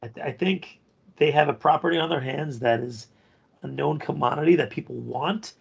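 A man's voice: fairly high pitch, moderate pace, gravelly, slightly rough. A man co-hosting a podcast, talking in a crude, joking, rambling way. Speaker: podcast co-host. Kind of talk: casual podcast chat.

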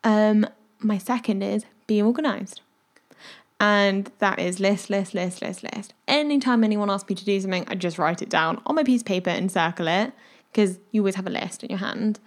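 A woman's voice: mid-range voice, a little fast. A woman junior doctor in casual podcast chat, telling stories and acting out what people said. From United Kingdom. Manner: chatty storyteller, acts out quoted lines.

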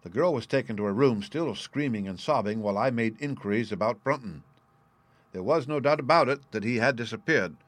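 A man narrating a classic story in the first person, reading in a measured, formal way. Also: mid-range voice, no room sound. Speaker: audiobook narrator.

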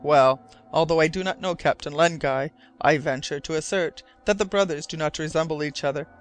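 A man's voice: on the high side, fairly quick, close to an everyday voice. A man voicing a vain, chatty older male island governor who was once a corporal. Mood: wry. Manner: chatty, boastful, eager to reminisce.

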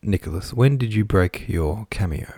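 Gentle tearful countess, soft and pleading; a man reading her lines, low voice, dry. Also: animated, moderate pace, dry recording. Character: grieving gentle young countess, wife.

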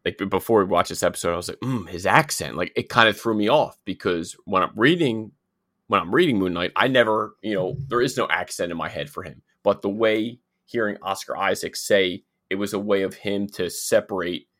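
Low-voiced guy chatting about a show, stumbles and repeats words a lot. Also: a bit bright. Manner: halting, repeats words, laughs often. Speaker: podcast co-host. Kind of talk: casual chat.

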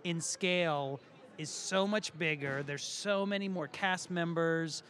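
A man's voice: fairly high pitch, slow pace, a bit bright. A man who is a cast member, chatting playfully outdoors at a fan convention and teasing the interviewer with questions back. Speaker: show cast member and guest. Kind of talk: playful casual interview chat.

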